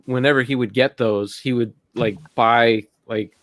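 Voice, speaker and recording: A man co-hosting a live online collecting chat, talking in a relaxed, halting way with many pauses and fillers over a video call. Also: mid-range voice, slight background noise. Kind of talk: casual chat.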